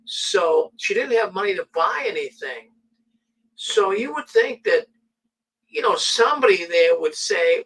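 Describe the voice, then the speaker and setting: Guy hosting a chat show, high voice that swings all over, set back from the mic. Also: expressive, unhurried, a bit bright, husky, far from the mic, low-quality recording. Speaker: host. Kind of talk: casual radio talk.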